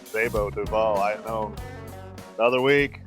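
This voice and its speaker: A man's voice: on the low side, steady tone, a little slow, over music. Joking male podcast host. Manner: joking, teasing questions. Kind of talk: casual chat.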